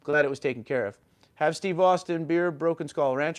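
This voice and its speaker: A man's voice: on the high side, normal speed, smooth. A man hosting a casual livestream, reading viewer comments aloud and answering them in an upbeat way. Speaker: livestream host.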